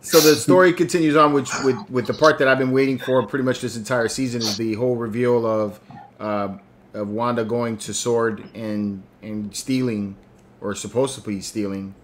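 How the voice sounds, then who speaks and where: A man at a middle pitch co-hosting a relaxed show review. He talks earnestly and emphatically and swears casually as he works through his points. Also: normal speed, a little hiss or hum. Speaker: podcast co-host.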